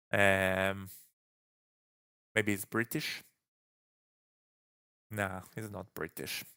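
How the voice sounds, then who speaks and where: A man talks his way through a live game stream, chatty and exasperated with the glitches. His voice sits low with a gravelly, fried texture. The sound is dry and close. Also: a bit bright, no echo. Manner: chatty, exasperated self-talk.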